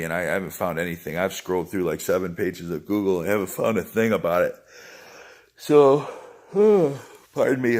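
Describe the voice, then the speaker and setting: A man talking in a casual, rambling monologue, wandering between thoughts and swearing freely. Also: low voice.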